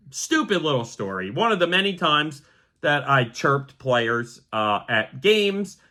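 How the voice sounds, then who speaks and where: A young man from the Philadelphia area hosting a casual solo sports podcast, telling stories in a chatty way. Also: on the high side. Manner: chatty storyteller, animated re-enactments. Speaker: podcast host.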